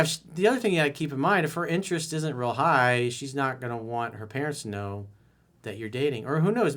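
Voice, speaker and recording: A man's voice: medium pitch, a bit bright. A man coaching on dating, reading a viewer's email and replying bluntly and candidly with casual swearing.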